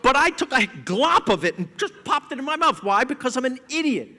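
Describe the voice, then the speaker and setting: A man's voice: very high-pitched, very animated, fairly quick, sharp tone, slight background noise. A man telling funny anecdotes on stage at a live talk, laughing often and poking fun at himself. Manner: laughs often while telling stories, playful self-mockery. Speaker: guest at a live talk event. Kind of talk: animated anecdotal storytelling. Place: stage event in front of an audience.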